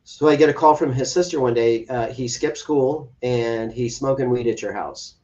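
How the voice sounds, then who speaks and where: In a slightly mellow, medium-pitched voice at a moderate pace, an adoptive father recounts something personal and earnest as an interview guest, voicing the quoted lines himself. The podcast recording is distant and slightly dull.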